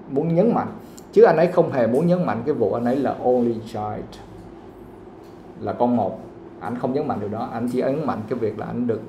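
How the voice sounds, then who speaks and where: A man with a Vietnamese accent and a warm, mid-range voice teaches a live English lesson, explaining patiently and repeating himself often. He switches into Vietnamese to clarify points. The room is echoey, with slight background noise.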